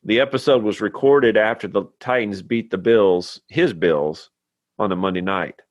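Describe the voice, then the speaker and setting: A podcast host who speaks in a low register with plain earnestness. The sound is dry and close, with no room in it. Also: male voice, moderate pace, no echo, dull audio. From Tennessee, USA. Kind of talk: scripted intro then casual chat.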